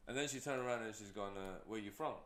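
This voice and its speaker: Recorded in an echoey room, a man with a voice on the low side and a slightly bright tone talks quickly. As a guest entrepreneur in a casual interview, he tells rambling stories full of fillers.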